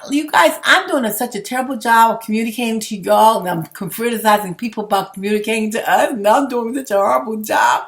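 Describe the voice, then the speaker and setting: A woman's voice: medium pitch, a bit bright. A young adult woman giving a heated, rambling opinion rant to her viewers, blunt and swearing freely. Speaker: commentary vlogger.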